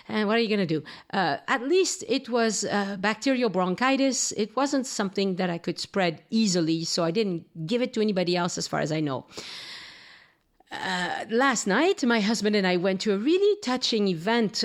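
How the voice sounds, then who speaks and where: A woman hosting a travel podcast, talking casually, laughing easily and tripping over names. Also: mid-range voice. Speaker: podcast host.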